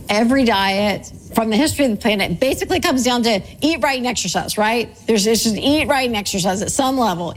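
Woman in her 40s preaching about parenting, gravelly voice, earnest and chatty, repeats her points. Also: medium pitch, slight background noise, poor audio. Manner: earnest, conversational, repeats key phrases. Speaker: church speaker. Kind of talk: sermon on parenting.

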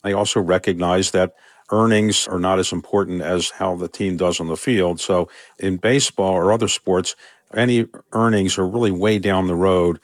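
Older man from Baltimore, interviewee, measured and conversational, lowish voice, dry sound. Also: fairly even intonation, no room sound. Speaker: interviewee, sports team owner. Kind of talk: radio interview answers.

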